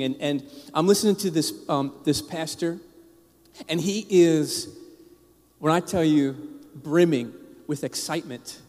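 A man's voice: a little high, darkish tone, in a large hall. A man preaching a casual, storytelling sermon to a congregation, with frequent restarts and asides to the listeners. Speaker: pastor. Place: church sanctuary.

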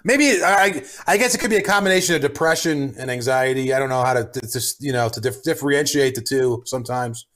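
A man telling a story in a casual podcast chat, swearing freely and acting out his own shouts. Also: medium pitch, fast, hardly any pauses. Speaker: podcast co-host.

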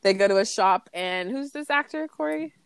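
A woman's voice: mid-range voice, normal speed, gravelly, clean tone. A young woman co-hosting a podcast, retelling movie scenes with lots of laughter and swearing. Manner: laughing, animated quote retelling with heavy swearing. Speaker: podcast co-host. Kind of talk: casual chat.

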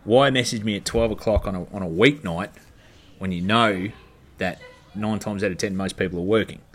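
A man's voice: fairly low pitch, normal speed, a bit bright. An Australian man, a stand-up comedian, telling a story in a casual monologue, blunt and heavily profane, ranting in exasperation.

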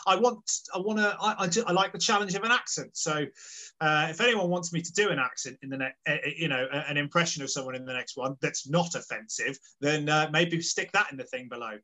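A man's voice: fairly high pitch, fast, pushed and bright. A young man, co-hosting a podcast in a brash, sweary, joking chat. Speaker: podcast co-host. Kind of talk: casual chat.

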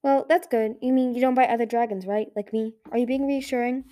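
A woman's voice: fairly high pitch, fairly even intonation, brisk, mellow, close to an everyday voice. A woman voicing a nervous, talkative young female dragon who stumbles over her words. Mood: flustered. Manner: flustered, stumbling, eager. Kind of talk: audiobook character voice.

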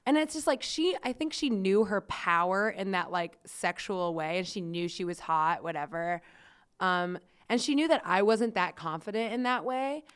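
A woman's voice: medium pitch, moderate pace, clear, resonant tone. A woman podcast host telling a story in casual chat, chatty and swearing freely, with lots of "like" fillers.

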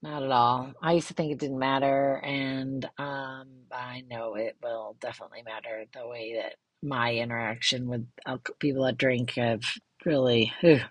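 A woman's voice: rumbling low, steady tone, normal speed, no echo. A middle-aged woman hosting her own podcast, talking candidly in a rambling way, with many fillers and restarts. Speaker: podcast host. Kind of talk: casual personal monologue.

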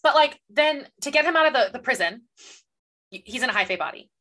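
Bright, sarcastic woman podcaster. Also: high-pitched, expressive, fairly quick. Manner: sarcastic, swears, mocks characters in put-on quotes. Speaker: podcast co-host. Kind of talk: casual book-recap chat.

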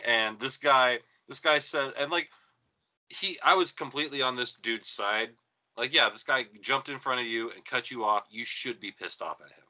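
Animated storytelling man, bright voice. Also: mid-range voice, dull audio. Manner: animated storyteller, acts out quotes. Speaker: podcast co-host. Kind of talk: casual storytelling chat.

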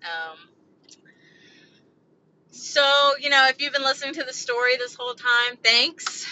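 A woman with a very bright, fairly high voice vents on a solo podcast, agitated and swearing as she rambles through her frustration. The recording is a little dull and lo-fi. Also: expressive, a little slow, slight background noise. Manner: agitated, profane, rambling venting. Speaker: podcast host.

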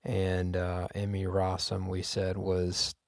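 A man's voice: low-pitched, monotone, slow pace, vocal fry, no echo, studio quality. A man hosting a casual podcast chat, wry and joking, a bit rambling. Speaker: podcast host.

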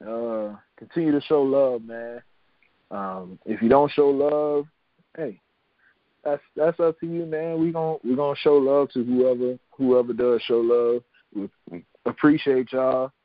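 A man's voice: mid-range voice, measured pace, no echo. Laid-back male podcast host, dry lo-fi sound. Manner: relaxed, laughing, repeats words. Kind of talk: casual podcast sign-off chat.

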